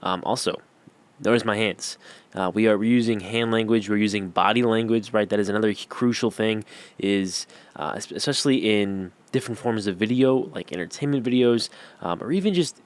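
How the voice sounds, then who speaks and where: Low-voiced young man giving casual tips. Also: fairly quick. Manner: rambling, filler-heavy, slangy. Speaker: YouTube coach. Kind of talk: casual on-camera lesson. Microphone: camera-facing.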